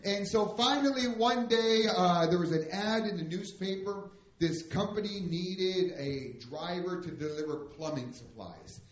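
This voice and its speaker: A missionary preacher telling a story from the pulpit, animated and comic, his slightly high voice acting out each part. The room is echoey and the sound a little dull and lo-fi. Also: measured pace, hardly any pauses. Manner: animated, comic, acts out dialogue. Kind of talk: storytelling sermon. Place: church. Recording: roomy church hall, dull lo-fi sound.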